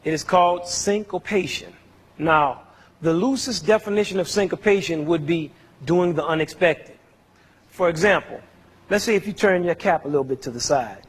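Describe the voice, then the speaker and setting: A music educator plays to his audience, teaching in a playful, demonstrative lecture where he jokes and counts beats aloud. His voice is high and slightly rough at a normal speed, and a concert hall's long reverb surrounds it.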